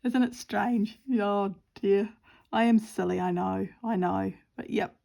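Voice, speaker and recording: With a gravelly, dark voice of medium pitch and a steady tone, this craft channel host takes it slowly as she chats while making things at home. She rambles, giggles, puts herself down, and fills her speech with fillers.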